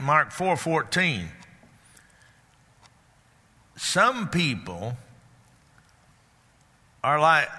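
An older man delivers a sermon in a slightly high, very bright voice. His talk is folksy and halting, full of fillers and restarts. The sound carries a long hall reverb. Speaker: pastor.

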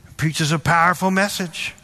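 Bright-voiced man preaching with emphatic asides. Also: on the high side, steady tone, moderate pace. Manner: storytelling, repeats words, emphatic asides. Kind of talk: sermon.

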